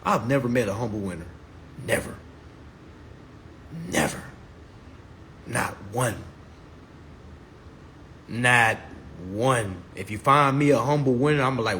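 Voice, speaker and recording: A man's voice: slow, long pauses, slight background noise. A man giving a casual live-stream monologue, brash, profane and mocking as he promotes his class. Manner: lively pitch swings.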